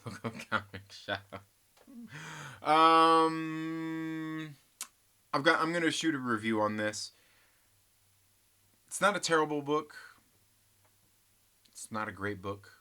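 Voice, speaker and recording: A man's voice: mid-range voice, pushed and bright. A man hosting a comic book channel, chatting casually and rambling, joking and teasing and addressing viewers as guys. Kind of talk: casual rambling vlog chat.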